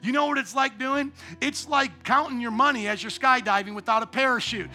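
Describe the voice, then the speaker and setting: High-voiced, bright-toned preacher shouting and hushing. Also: male voice, a little fast, hardly any pauses. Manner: swings from quiet intimate asides to loud shouted exhortation. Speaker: pastor. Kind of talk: sermon. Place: church sanctuary.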